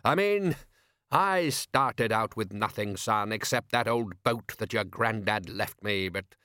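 A man's voice: fairly low pitch, measured pace, bright, forceful tone, no room sound, studio quality. A man voicing a blustering, scheming middle-aged fisherman father who talks in a bossy way.

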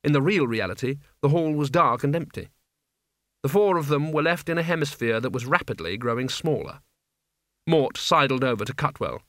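Reading from a fantasy novel, this male narrator delivers scripted lines with measured expressiveness. His pitch is medium, and the studio-quality recording is dry.

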